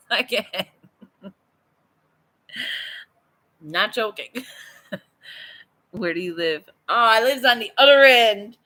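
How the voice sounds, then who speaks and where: A woman's voice: mid-range voice, bright, forceful tone. A woman from Newfoundland with a Newfoundland accent, chatting casually and bluntly with her viewers, swearing freely and laughing often. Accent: Newfoundland English. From Newfoundland, Canada. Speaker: artist vlogger. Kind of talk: casual live chat to viewers.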